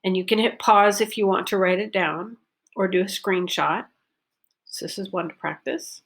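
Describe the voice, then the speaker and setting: A woman teaching a pronunciation lesson, modeling focus words slowly and deliberately for students to repeat. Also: medium pitch, fairly even intonation. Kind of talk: recorded online lesson.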